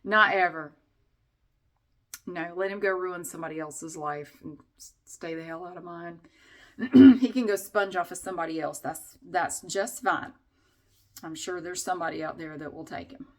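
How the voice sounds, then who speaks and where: A woman's voice: fairly low pitch, moderate pace. A middle-aged woman vlogging at home, chatting casually to the camera in a rambling, candid way and swearing a little. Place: at home, indoors.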